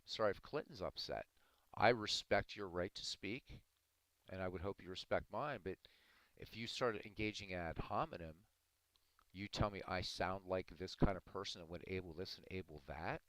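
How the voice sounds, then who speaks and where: A man's voice: sits low, moderate pace, a bit bright, no echo, rough recording. A man hosting a live stream, earnestly arguing his views and answering viewers in chat by name. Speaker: livestream host talking to chat. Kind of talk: casual live-stream commentary.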